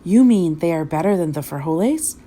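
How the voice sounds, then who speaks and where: A woman voicing a playful, boastful young boy kitten who talks in an excited sing-song voice. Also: lowish voice, brisk, slight background noise, natural voice. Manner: excited, sing-song, fake Spanish flourishes.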